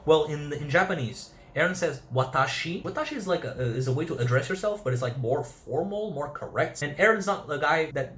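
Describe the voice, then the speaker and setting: A man's voice: fairly high pitch, expressive, brisk, hardly any pauses, fairly bright tone, echoey room, slight background noise. A man giving a casual, chatty review of an anime episode, swearing freely and acting out characters' lines. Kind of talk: casual video review commentary.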